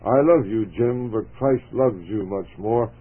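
A man voicing a slight, selfless young soldier who speaks gently and earnestly. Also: on the low side, unhurried. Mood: tender. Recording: tinny phone-like radio broadcast.

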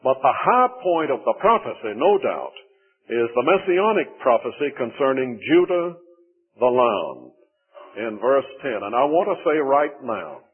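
A Southern-accented male preacher delivers a sermon in a measured, deliberate way. His voice is a little husky, at a middling pitch. It comes through a thin, tinny radio broadcast. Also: big pitch swings.

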